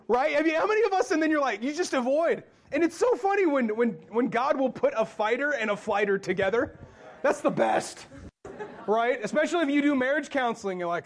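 A man with a notably high voice preaching in church. He talks loosely and conversationally, cracks jokes and keeps asking the congregation questions. The delivery feels like chatting with friends from the pulpit. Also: expressive, fairly quick. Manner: conversational, joking, asks the crowd questions. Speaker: pastor. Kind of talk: sermon.

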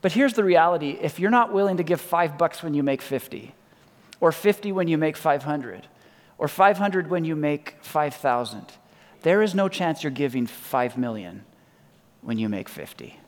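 Man, pastor, sermon, emphatic, repeats lines, soft falling endings, somewhat high voice, long hall reverb. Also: expressive, moderate pace.

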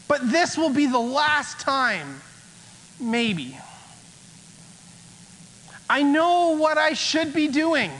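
A man's voice: extremely high pitch, a bit bright. A male pastor giving a conversational sermon, slipping into acted-out inner voices to make his points. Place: church sanctuary. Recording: long church hall reverb.

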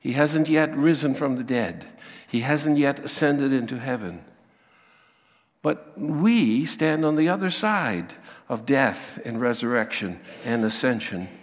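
A man preaching a sermon, acting out the voices he quotes with lively emphasis. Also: mid-range voice, unhurried, long reverb tail. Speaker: pastor.

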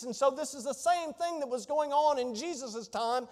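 High-voiced preacher in a reverberant hall. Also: male voice, normal speed, hardly any pauses. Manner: rising to emphatic, near-shouted declarations. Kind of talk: sermon. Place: church sanctuary.

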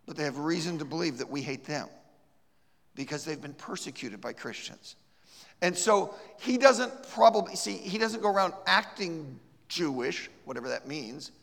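Lively high-voiced man with gravelly edge. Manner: animated, acts out scenes. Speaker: teacher. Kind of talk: church teaching with a live role-play. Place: church hall. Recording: reverberant hall.

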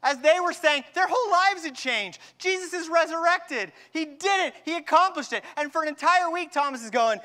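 High, bright-voiced male preacher. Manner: animated, acts out dialogue, slows down for emphasis. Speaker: pastor. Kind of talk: sermon.

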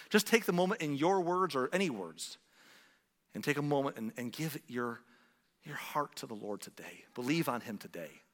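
A man preaching as a pastor, leading an earnest Easter altar call and a slow, hushed prayer in a church. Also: a little high. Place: church sanctuary. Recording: long hall reverb.

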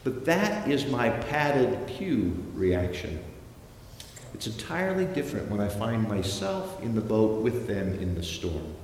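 A man's voice: on the low side, big pitch swings, a little slow, darkish tone, a little hiss or hum. A man preaching a sermon in a church, storytelling with dramatic shifts and acting out the voices he quotes. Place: large echoey church hall. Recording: echoey hall reverb, faint ambience.

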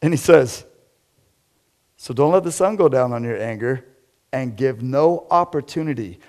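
A man preaching a conversational sermon to a small group, shifting from loud emphatic lines to quiet low asides. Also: lively intonation, normal speed. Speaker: pastor. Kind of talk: interactive sermon.

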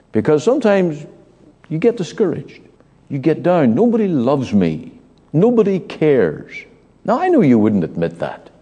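Slow, lively-pitched preacher man. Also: highs cut off. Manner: slow, emphatic pastoral preaching with dramatic pauses. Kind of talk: evening sermon. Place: church. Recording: long church hall reverb.

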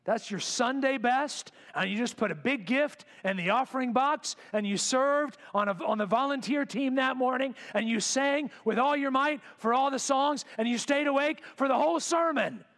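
High-voiced guy preaching a sermon in church, gets loud then drops real quiet. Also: moderate pace, few pauses. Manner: animated preaching, swings between loud emphatic bursts and quiet intense lines. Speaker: pastor. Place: church sanctuary.

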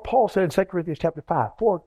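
A male pastor preaches in a rhythmic, rolling cadence. His voice sits somewhat high for a man. He keeps calling on the congregation to answer back. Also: lively intonation, fast talker, mellow. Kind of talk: sermon.

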